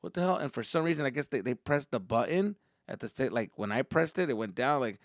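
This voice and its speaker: A young male comedian spinning a profane, animated story on his podcast. His pitch swings widely as he jumps into voices. The recording is dry and close, with no room sound. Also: a little fast, no room sound. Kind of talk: comic storytelling.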